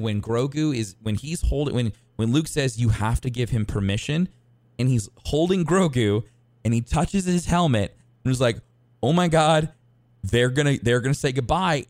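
A man co-hosting a podcast, talking excitedly in a casual, rambling way, with lots of restarts and fillers. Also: mid-range voice, no room sound. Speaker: podcast co-host. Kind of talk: casual chat.

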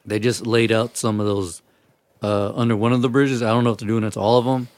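A man's voice: lowish voice, flat delivery, fast talker, darkish tone, no room sound. A man hosting a podcast, laid-back and joking in casual chat. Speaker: podcast host.

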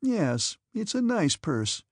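A man's voice: sits high, very animated, takes it slowly, slightly rough, no echo, studio quality, voice pushed up, full character voice. A man voicing a shifty lieutenant who speaks in an oily, condescending way. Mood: smug.

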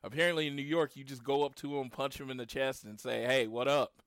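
A man's voice: mid-range voice, a little fast, clean tone, no room sound. Late-30s oklahoma guy on a podcast, story-telling about his trip, mid voice, dry close sound. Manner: storytelling, animated retelling of encounters. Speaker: podcast co-host. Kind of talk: casual chat.

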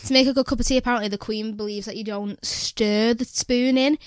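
A woman's voice: on the high side, fairly even intonation, brisk, clear, resonant tone, dry recording, clean studio sound. A young woman co-hosting a podcast, chatting casually in a brash, teasing way with plenty of swearing. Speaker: podcast co-host. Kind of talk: casual chat.

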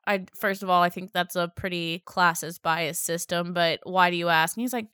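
A woman's voice: lowish voice, steady tone, normal speed, few pauses, pushed and bright, clean tone, no echo, studio quality. Blunt, profane young woman telling stories. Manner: blunt, profane, storytelling with quoted dialogue. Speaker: podcast co-host. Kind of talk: casual chat.

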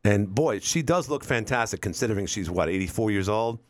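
A man's voice: fairly low pitch, animated, a little fast, dry recording. A man in his fifties hosting a talk radio show, rambling wryly and repeating words as he chats. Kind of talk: casual talk radio monologue. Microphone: studio microphone.

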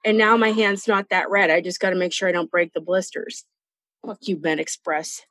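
A woman's voice: fairly low pitch, moderate pace, a bit bright, no echo. A woman hosting a true crime podcast, chatting casually in a blunt, profane way. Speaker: podcast host telling a true crime case.

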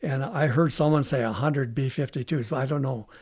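A man in his seventies, a military veteran, telling war stories in a halting, casual way. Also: medium pitch, darkish tone, husky. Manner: halting, with many restarts and fillers. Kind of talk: casual storytelling interview.

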